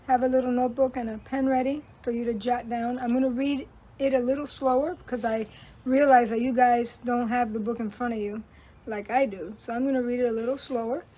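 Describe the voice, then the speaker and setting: A woman life coach hosting a live stream, chatting casually and reading slowly from a devotional book. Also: fairly high pitch, rough recording. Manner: chatty, warm-hearted devotional reader, slows down to read aloud. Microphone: webcam or phone on a live stream.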